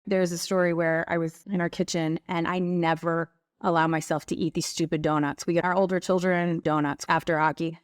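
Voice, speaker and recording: A middle-aged woman, a guest on a talk show, telling personal stories in an animated way and acting out what people said. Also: lowish voice, brisk, no echo, clean studio sound. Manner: animated, acts out quoted voices. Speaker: guest, women's group leader. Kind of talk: conversational storytelling.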